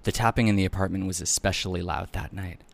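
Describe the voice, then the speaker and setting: A man narrating a first-person memoir as an audiobook reader, in a measured, even storytelling manner. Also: low-pitched, creaky.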